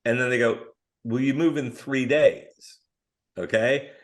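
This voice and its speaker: A middle-aged man, a screenwriter guest on a podcast, telling casual, animated stories and acting out other people's lines. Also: medium pitch, measured pace.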